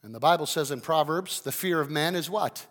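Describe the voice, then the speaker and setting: A man preaching a sermon with great energy, his volume swinging from loud to quiet. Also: a little high, fairly quick, in a large hall. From Canada. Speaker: pastor.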